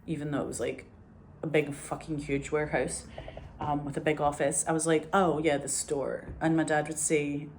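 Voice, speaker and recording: A woman's voice: deep voice, flat delivery, normal speed, a little hiss or hum. A Scottish woman telling stories in a casual, rambling way, swearing freely and saying "like" constantly. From Scotland. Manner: rambling, profane, heavy use of "like". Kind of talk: casual storytelling.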